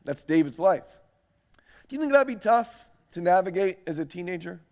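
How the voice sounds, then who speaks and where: Lively man preaching a sermon. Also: high voice, moderate pace. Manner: animated, asks the audience questions. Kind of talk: sermon lecture.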